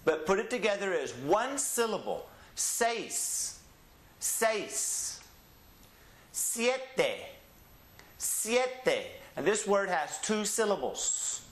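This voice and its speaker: The room sounds spacious as a very animated man with a high, somewhat bright voice and a Southeast Texas accent runs a Spanish lesson. His delivery is slow and drawn out, built around drills where learners repeat each word after him.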